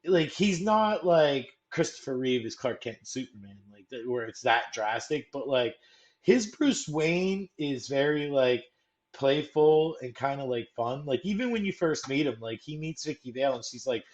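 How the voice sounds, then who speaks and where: A man's voice: mid-range voice, animated, moderate pace, darkish tone. Rambling young man chatting about movies. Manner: rambling, full of "like", acts out quotes. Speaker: co-host. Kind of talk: casual movie chat.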